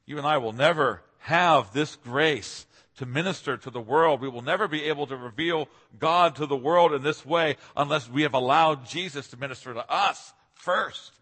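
A man preaches an earnest expository sermon, and his voice lifts to stress key points. His tone is bright but somewhat husky. The sound carries a long reverb, as if from a large hall. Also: on the high side, normal speed, few pauses. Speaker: pastor.

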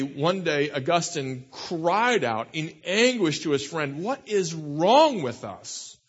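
A male pastor delivers a sermon in a mid-pitched voice, earnest and emphatic, swelling to strong peaks before dropping soft. The sound carries a long reverb, and the recording is a little dull. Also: husky. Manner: earnest, builds to emphatic peaks then drops low.

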